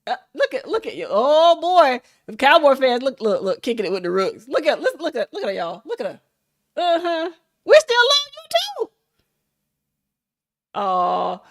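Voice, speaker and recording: Animated woman hosting a casual livestream. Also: a little high. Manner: animated, laughing, hyping viewers up. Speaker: livestream host.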